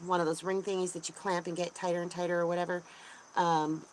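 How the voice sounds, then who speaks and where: A woman with a somewhat low voice hosts a relaxed live chat, rambling along with plenty of ums and restarts. Her voice bounces up brightly whenever she greets viewers, and crickets and insects chirp faintly behind her. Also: fast talker, a little hiss or hum. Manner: bubbly, voice jumps up when greeting viewers. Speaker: homesteading channel host. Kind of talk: casual livestream chat, reading viewer comments.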